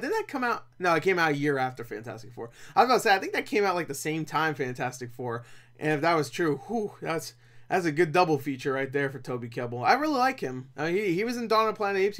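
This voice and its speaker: A man's voice: a little high, fairly bright tone. A man with a slightly raised voice rambles through a casual film review. He swears freely, breaks into laughter and keeps tripping over his words and starting again. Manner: rambling, profane, laughs often; frequent restarts and stammers. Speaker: movie reviewer.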